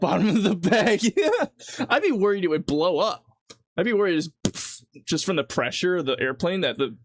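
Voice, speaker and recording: A man's voice: fairly high pitch, dry recording. A man livestreaming while he cooks at home, rambling casually and laughing at his own jokes. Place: home kitchen.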